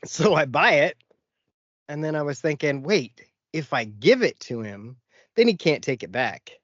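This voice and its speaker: A man's voice: on the high side, sing-song, a little slow, fairly bright tone, no room sound, muffled recording. Chatty man with a dry close sound. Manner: laughs often, rambling storyteller. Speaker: podcast co-host. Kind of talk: casual chat.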